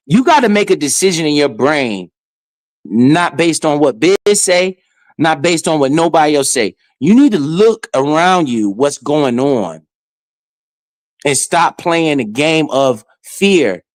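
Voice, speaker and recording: Guy ranting on stream, aave, heckles a lot, kinda high voice, dry close mic. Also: slow pace, no room sound. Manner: animated, heckling, swears and laughs often. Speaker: finance streamer. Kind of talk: casual commentary over a played clip.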